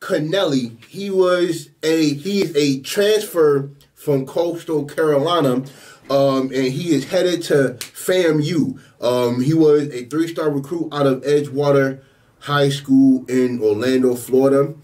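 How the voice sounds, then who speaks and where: A man hosting a sports reaction video, exclaiming over football highlights in an excitable, slangy way. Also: a little slow.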